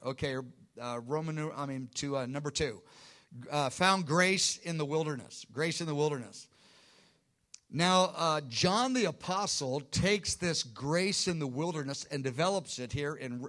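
High-voiced earnest male preacher. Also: a little slow, a bit bright. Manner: earnest, emphatic, with frequent restarts and acted quotes. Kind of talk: sermon teaching.

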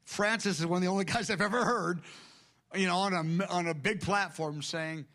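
High, bright-voiced preacher man. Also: normal speed. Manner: conversational, animated retelling with quoted voices. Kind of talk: sermon.

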